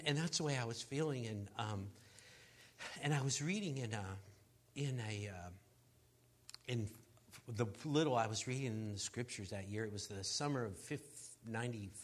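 Earnest man telling a halting story. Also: mid-range voice. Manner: laughs at himself while telling the story. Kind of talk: personal testimony on a panel.

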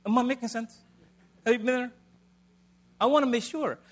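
A middle-aged man preaching a sermon in a conversational way, swinging between loud emphasis and soft asides. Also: very high-pitched, fairly even intonation, normal speed.

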